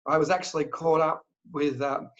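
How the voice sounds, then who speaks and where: An Australian man talking fast and joking as a travel company sales director in an interview. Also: a little high, little pitch movement. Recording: dull lo-fi audio.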